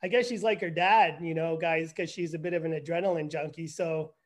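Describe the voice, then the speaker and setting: A man in his fifties from Canada tells his life story with self-deprecating humor, his voice pitched high for a man. He talks in a lively, animated way as a guest in a relaxed conversation. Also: a little fast. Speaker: guest, forensic psychologist. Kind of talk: casual interview conversation.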